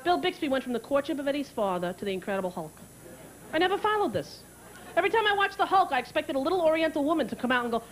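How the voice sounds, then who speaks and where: A woman in her thirties doing a stand-up routine, animated and breaking into shrill character voices and sung jingles. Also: quick pace, rough recording. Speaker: stand-up comedian. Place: stage before a live audience. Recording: live show with loud audience and crowd noise. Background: audience laughter.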